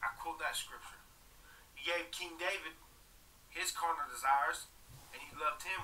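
A man praying aloud in a halting, pleading monologue, often breaking off and restarting, dropping to a hush at times. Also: a little high, slight background noise. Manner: drops to a hushed whisper at times. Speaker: vlogger. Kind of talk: spoken prayer monologue.

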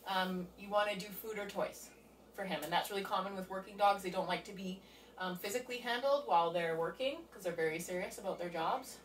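A woman's voice: medium pitch, brisk, slight background noise. A woman dog trainer casually explaining a training session step by step while she works at home. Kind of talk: casual hands-on training demonstration. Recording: roomy, distant sound with faint ambience.

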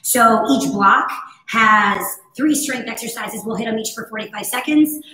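A woman fitness instructor with a hoarse, husky voice, cueing breaths and moves in a casual, encouraging live workout class. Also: a little high, a little slow, pushed and bright. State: hoarse from overuse. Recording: very echoey room.

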